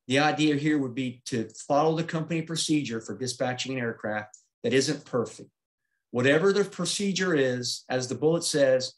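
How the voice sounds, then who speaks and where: A middle-aged man giving a safety presentation, walking through slides step by step in a plain-spoken way and checking in with "okay?". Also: mid-range voice. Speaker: aviation safety instructor.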